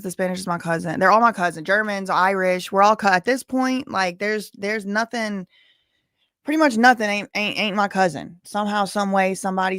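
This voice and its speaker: A woman's voice: on the low side, no room sound, clean studio sound. A woman hosting a livestream, chatting casually and rambling off on tangents. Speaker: livestream host.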